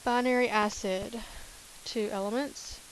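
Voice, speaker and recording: A woman's voice: a little high, fairly even intonation, a little slow, slight background noise, poor audio. A woman teacher talking through chemistry notes in a casual way, repeating key terms with many fillers. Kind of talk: recorded lecture over notes.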